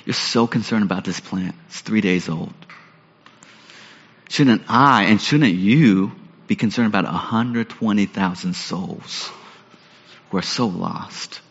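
A man voicing a patient, gentle God speaking to a prophet in a soft, low, coaxing voice. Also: slow, creaky, pauses often, breathy edge, exaggerated voice. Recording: echoey hall, dull lo-fi sound.

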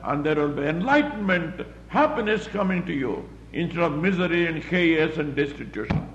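Male preacher, slightly high voice, roomy muffled recording. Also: a bit bright. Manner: plain-spoken, repetitive, halting with fillers. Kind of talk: sermon. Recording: roomy, muffled recording with faint background hum.

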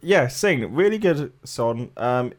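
A man's voice: mid-range voice, expressive, slow pace. A young man in casual podcast talk. He speaks in an ordinary mid-range voice, hesitating often and restarting his sentences. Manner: hesitant, full of ums, restarts. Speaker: podcast co-host. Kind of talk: casual chat.

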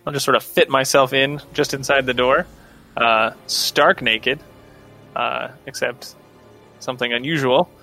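A man who is a player in a tabletop game, speaking with wry, deadpan humor. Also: mid-range voice, a little slow, gravelly, soft background music. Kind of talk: tabletop role-play.

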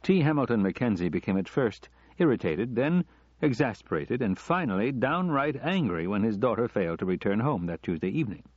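A low-voiced man reads a story aloud in measured, even narration. The sound is close and dry, with a slightly dull, lo-fi tone. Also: no echo. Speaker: audiobook narrator. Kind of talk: scripted narration.

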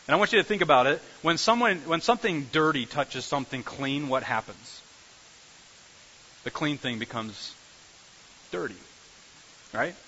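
A man preaching a lively sermon in a bright, forceful voice, often repeating phrases and restarting his sentences. The recording is dull with a faint hiss behind him. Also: mid-range voice, normal speed, pauses often. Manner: animated preaching with repetitions and restarts. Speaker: pastor.

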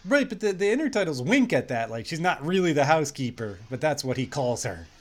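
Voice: mid-range voice, sing-song, brisk. Chatty podcaster with sarcastic asides. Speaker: podcast co-host. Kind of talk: casual film review chat.

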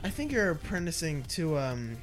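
A man's voice: on the high side, big pitch swings, moderate pace, faint music behind. A man hosting a casual podcast, telling rambling stories and laughing often as he talks. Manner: rambling storyteller, laughs a lot. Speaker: podcast host.

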